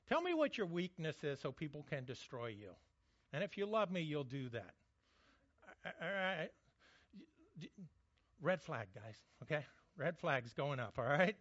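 A man's voice: high voice, fairly bright tone, no echo, lo-fi sound. A man preaching a sermon in a conversational, joking way, often restarting his words. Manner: conversational, jokey, frequent restarts. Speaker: pastor.

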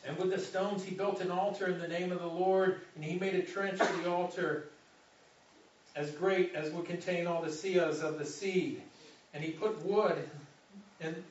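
A man's voice: fairly high pitch, slight background noise. A man preaching a sermon, reading scripture aloud with jokey asides, restarting phrases and repeating words. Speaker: pastor. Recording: roomy, distant, dull-sounding sanctuary audio.

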